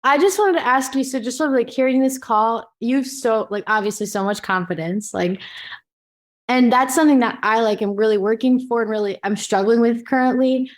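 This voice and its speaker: A woman's voice: on the high side, brisk. Hesitant young woman asking a question. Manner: hesitant, full of "like" fillers. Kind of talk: casual interview question.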